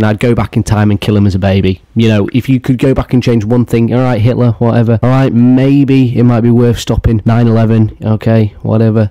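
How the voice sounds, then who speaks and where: Young male commentator, profane mocking rants, mellow dark voice, dry close sound. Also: medium pitch, no echo. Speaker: commentary YouTuber.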